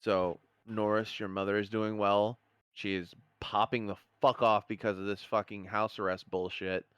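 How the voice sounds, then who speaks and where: A man's voice: on the low side, flat delivery, moderate pace, a bit bright, clear, resonant tone, no echo. A man narrating a tabletop game as game master, casual and swearing freely.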